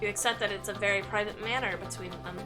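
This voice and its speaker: Over game music, a woman in a live playthrough reads the game's story aloud and keeps breaking off into joking asides. She's a fast talker with a medium-pitched voice and fairly even intonation.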